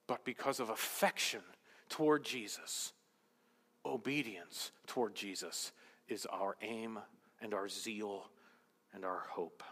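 A man's voice: on the low side, a bit bright, slightly rough. Male pastor, sermon, earnest, rhetorical, long hall reverb. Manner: earnest, rhetorical, slows for emphasis.

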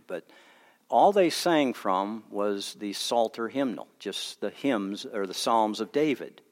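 A man preaching a sermon as pastor, earnest, moving between quiet asides and emphatic declarations. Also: mid-range voice. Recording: long hall reverb.

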